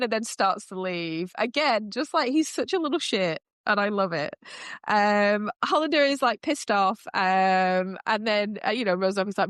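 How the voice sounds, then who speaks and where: Woman podcast host, gushing casual recap, smooth voice, dry close sound. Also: mid-range voice, animated, normal speed, fairly bright tone, dry recording. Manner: gushing, full of "like" and "um" fillers.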